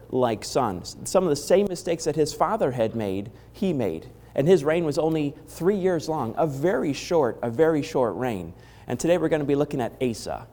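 Hoarse man preaching in a reverberant hall. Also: a little high, darkish tone. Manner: conversational, asks the congregation questions. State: hoarse from a head cold. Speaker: pastor. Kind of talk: sermon.

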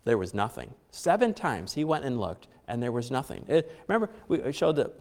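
Guy preaching in a big echoey hall, voice goes up and down a lot, kinda high for a man, talks like he's just chatting. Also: big pitch swings, normal speed, a little mellow. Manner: conversational, repeats phrases, brief chuckles. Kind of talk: sermon.

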